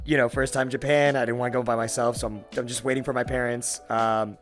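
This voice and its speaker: A young adult man hosting a podcast, telling a story in a casual, excitable way with heavy swearing and lots of fillers. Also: medium pitch, quick pace, faint music behind. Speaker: podcast host.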